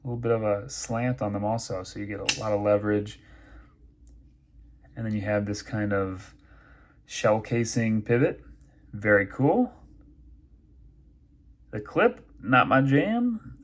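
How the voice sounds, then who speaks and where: A man's voice: medium pitch, lively intonation, a little slow, long pauses. A man reviewing knives and pens in a casual unboxing, chatty and thinking aloud with many fillers. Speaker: knife and pen reviewer.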